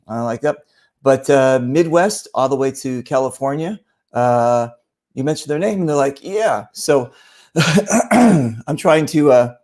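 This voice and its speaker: This man's voice is mid-range and a little mellow. As host of a casual online show, he tells rambling stories with many fillers and does impressions of other people's voices.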